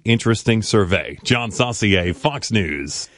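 A man's voice: mid-range voice, expressive, moderate pace. A male news reporter reading a light feature story in a playful, wry way.

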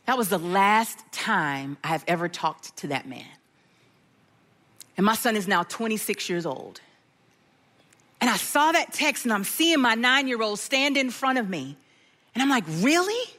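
A middle-aged woman preaching a sermon, telling a personal story with animated delivery and acting out the voices of others. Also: medium pitch, unhurried, long pauses, long reverb tail. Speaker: pastor.

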